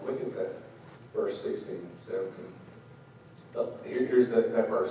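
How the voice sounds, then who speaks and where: Pastor, animated storyteller, mellow voice, distant mic in a reverberant sanctuary. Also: male voice, lowish voice, measured pace, pauses often, lo-fi sound, a little hiss or hum. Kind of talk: sermon. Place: church sanctuary. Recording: echoey church, far from mic.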